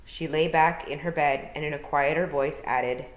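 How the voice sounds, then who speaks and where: A woman reading a novel aloud for a school storytime in a calm, measured way. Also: sits low. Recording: roomy echo.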